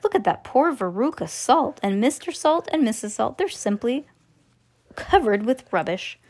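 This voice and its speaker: Wide-eyed excited storybook boy, woman reading, pitched up. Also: moderate pace. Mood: astonished.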